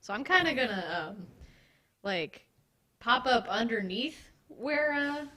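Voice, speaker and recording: A woman takes her turn at a tabletop game, talking in a casual and easygoing way. Her voice is bright and crisp. It sits a little high in pitch, and she sounds relaxed as she describes her moves. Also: slow pace. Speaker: player.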